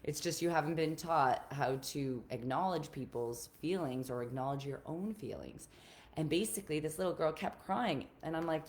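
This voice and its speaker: Earnest and encouraging, a relationship coach talks informally to her group during a live stream, often coming back to her key points. Her voice is low-pitched and her pace moderate.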